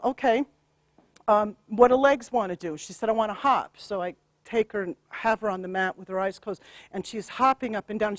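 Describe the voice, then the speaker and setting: A woman's voice: mid-range voice, no echo. A woman working as an astrologer and healer, animatedly recounting a client session with frequent laughter and acted-out quotes. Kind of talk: storytelling about a client session.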